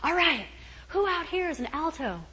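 A woman voicing a fired-up, short woman choir director who loudly coaxes a crowd to sing their parts. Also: sing-song, normal speed, full character voice, low-quality recording. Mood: urging. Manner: loud, coaxing, high-pitched urging.

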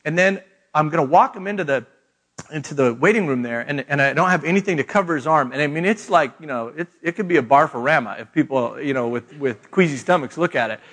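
A man's voice: on the high side, lively intonation, fast talker, fairly bright tone. A middle-aged man speaking at a retreat, telling a funny family story with self-mocking jokes and laughter. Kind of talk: humorous retreat talk.

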